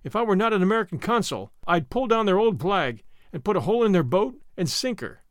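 A man's voice: high-pitched, big pitch swings, brisk, no room sound, clean studio sound. A man reading the part of an impulsive young American consul, talking in emphatic bursts. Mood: excited.

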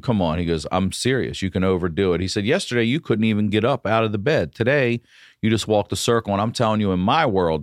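A man, a comedian guest on a podcast, telling a story in a casual, profane, animated way. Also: deep voice, dry recording, studio quality.

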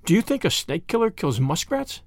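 A proud little mongoose hero, brisk and scornful, ready for a fight, as a man reading the story puts him on. The voice rides high with lively swings and a slight rasp. It is a dry, close reading. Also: dry recording. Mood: bold scornful. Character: brave, proud young male mongoose.

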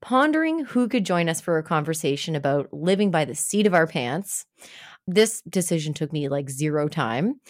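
A woman's voice: deep voice, big pitch swings, normal speed, no room sound, clean studio sound. A woman hosting a podcast, chatting casually and candidly with a guest, joking and swearing now and then. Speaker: podcast host. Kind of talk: casual interview chat.

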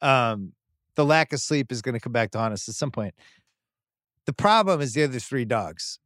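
A middle-aged sports podcast host, medium-pitched and speaking at a normal speed, tells a long story from home in casual chat. He animates it by acting out people's quoted lines, captured on a dry, close studio mic with no room sound.

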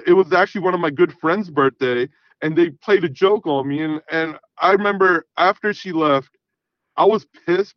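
A man's voice: a little high, dry recording, dull audio. A man in his thirties telling a long personal story in casual chat, rambling and often saying "you know what I mean". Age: 30s. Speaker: guest.

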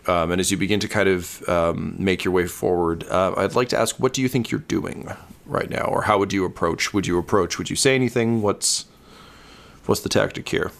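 Slow, low-voiced male game master. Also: fairly bright tone. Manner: halting, many ums and uhs. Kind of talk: narrating a tabletop game.

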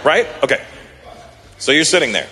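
A man performing a stand-up comedy routine, talking in an animated way and bursting into loud character bits. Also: a little high, moderate pace, slight background noise. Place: large live comedy venue. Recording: live venue with long reverb and faint crowd ambience.

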